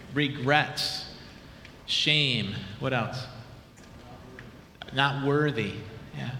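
A male pastor preaching a sermon, animated, dropping low and quiet for dramatic retellings. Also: a little hiss or hum. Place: church sanctuary. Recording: echoey hall with long reverb.

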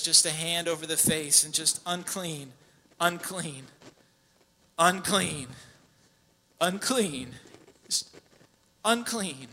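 Male pastor, sermon voice, high and bright, fervent build-ups, long hall reverb. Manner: builds to loud impassioned preaching. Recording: long echo in a large hall.

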